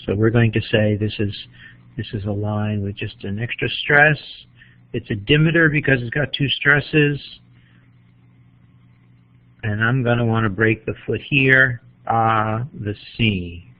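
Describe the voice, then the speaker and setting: A man's voice: mid-range voice, steady tone, a little slow. A man teaching a poetry lesson, thinking aloud while he marks up a poem with a pen. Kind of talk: poetry lecture. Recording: tinny phone-like sound.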